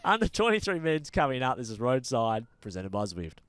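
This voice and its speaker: An Australian man co-hosting a cycling show, talking in an energetic, chatty way with lots of fillers. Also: medium pitch, a little fast, clear, resonant tone, no echo. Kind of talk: casual sports chat.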